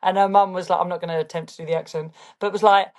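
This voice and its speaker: A woman's voice: fairly low pitch, fairly even intonation, very fast, a little mellow. A woman with a London accent, chatting casually as an interview guest and often asking "do you know what I mean". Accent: London English. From London, England. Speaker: guest, fashion brand founder.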